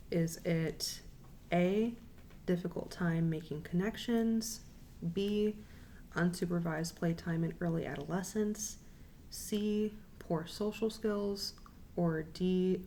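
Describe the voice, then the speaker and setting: Young woman student presenter, low gravelly voice, slow repeated quiz readout, faint room noise. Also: a little mellow. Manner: measured, repeats questions and options slowly, frequent ums. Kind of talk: recorded class presentation with quiz questions.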